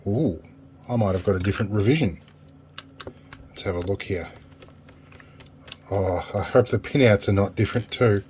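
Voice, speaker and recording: A man's voice: fairly low pitch, moderate pace, long pauses, a little mellow, a little hiss or hum. A man with an Australian accent hosting a repair video, chatting casually and thinking aloud as he takes apart and solders a keyboard, with some self-deprecating humour. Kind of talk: casual workbench narration.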